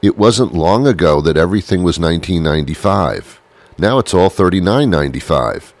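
A man's voice: low-pitched, expressive, normal speed. A man hosting a comedy show, rambling through a playful, self-mocking monologue full of restarts.

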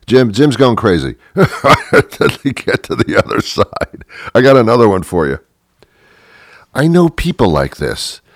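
A man's voice: mid-range voice, dry recording. A man, a radio host, delivering a rambling, sarcastic, exasperated comic monologue into a close studio mic. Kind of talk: comedic monologue.

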